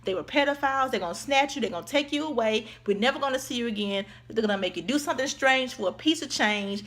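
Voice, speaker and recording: A woman telling a story to her viewers in a casual vlog. Her voice sits a little high, and she swings it up and down a lot as she acts out the other people in the story. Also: lively intonation, fast, fairly bright tone. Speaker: vlogger.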